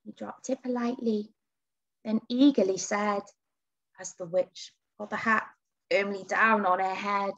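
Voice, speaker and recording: A woman teacher reading a picture book aloud to children, with big leaps in pitch on key words. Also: steady tone, measured pace, a bit bright, lo-fi sound.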